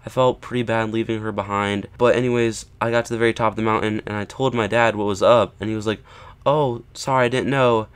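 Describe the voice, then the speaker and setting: A man's voice: fairly low pitch, flat delivery, fast talker, few pauses, clear, resonant tone. A man casually telling a story to camera, often checking in with "right?" and "okay?" and acting out what people said. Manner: acts out quoted lines with rising emphasis. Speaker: vlogger.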